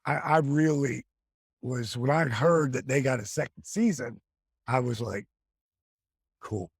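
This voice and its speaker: A man's voice: medium pitch, unhurried, slightly rough, no room sound, clean studio sound. A man telling a long story in a podcast interview, acting out the voices of people he quotes. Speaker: guest.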